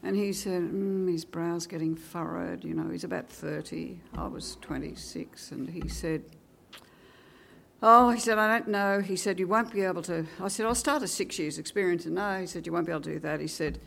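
An older woman with an Australian accent, a retired teacher, recounting her career with lively acted-out dialogue and wry asides. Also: on the low side, moderate pace, vocal fry, a little hiss or hum. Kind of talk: oral history reminiscence.

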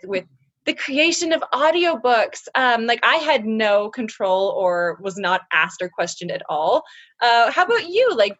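Animated woman podcast host, lo-fi. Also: a little high. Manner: friendly, animated, laughs along. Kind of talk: casual interview chat.

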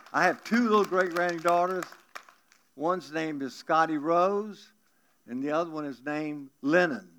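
Folksy older Louisiana preacher. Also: male voice, on the high side, sharp tone. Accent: South Louisiana. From South Louisiana. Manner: folksy, chatty, joking with the congregation. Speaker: guest pastor. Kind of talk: folksy storytelling sermon.

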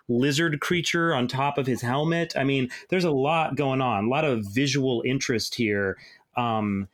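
Male podcast co-host, mid-pitched voice, casual and wry, relaxed delivery. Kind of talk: casual chat.

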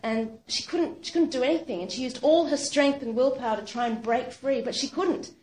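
A woman retelling a true story aloud, animated and casual, with lots of "sort of" and "like". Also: high voice, brisk, slight background noise. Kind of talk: spoken storytelling. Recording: roomy echo.

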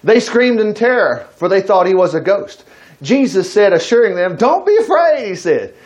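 A man with a high voice preaches a sermon at normal speed, reading scripture and pausing to comment to his congregation in a folksy, conversational way. He's animated and breaks into acted quotes.

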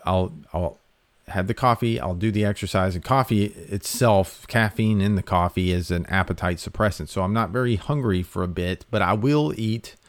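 Low-voiced man explaining casually. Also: no echo. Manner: relaxed, conversational, with fillers and restarts. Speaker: host giving health advice.

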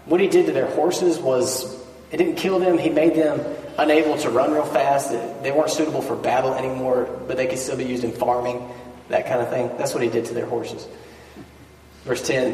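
Preacher in an echoey hall. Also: male voice, medium pitch, steady tone, normal speed, a little mellow, slight background noise. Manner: conversational preaching with asides between scripture readings. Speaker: pastor. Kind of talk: sermon. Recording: echoey hall, mic at a distance.

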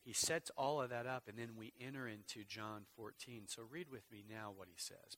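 A man preaching a sermon as pastor, swinging from hushed, slow lines to loud, emphatic ones. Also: mid-range voice, slight background noise.

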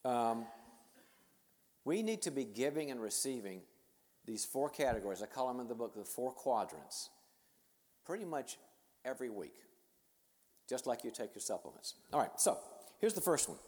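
A middle-aged man giving a conversational, self-deprecating talk to leaders, telling personal stories in an animated way. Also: mid-range voice, moderate pace, pauses often. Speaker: speaker and author addressing leaders. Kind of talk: conference talk with personal storytelling. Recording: long hall reverb.

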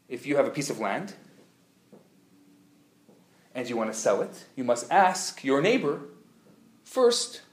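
A man teaching a live class, an animated, playful storyteller who acts out the dialogue. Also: fairly high pitch. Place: classroom at a community center. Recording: roomy live room sound.

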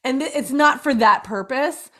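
A woman's voice: sits high, normal speed, pushed and bright. A woman co-hosting a podcast in casual chat, supportive and joking, with frequent affirmations. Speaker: podcast co-host.

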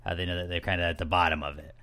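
A man's voice: low-pitched, level tone, racing, pushed and bright. A young man hosting a podcast, recapping in a loose, joking, rambling chat full of fillers. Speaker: podcast host.

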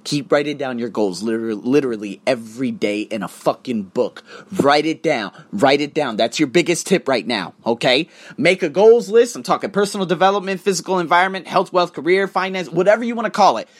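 Man, english tutor, husky high voice, lively, swears, acts out dialogue. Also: a little fast, hardly any pauses. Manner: animated, acts out both sides of dialogues, swears. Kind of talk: casual motivational storytelling.

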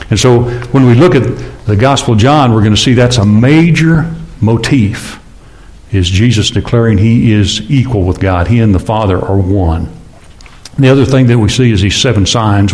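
A man preaching a sermon in church, talking casually and asking the congregation rhetorical questions. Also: darkish tone. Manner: conversational, with rhetorical questions and sudden rises in pitch. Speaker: pastor.

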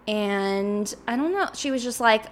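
A woman's voice: fairly high pitch, expressive, measured pace, a little hiss or hum. Chatty young woman rambling on a podcast. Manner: rambling and chatty, heavy with filler words. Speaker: podcast host. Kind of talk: casual podcast chat.

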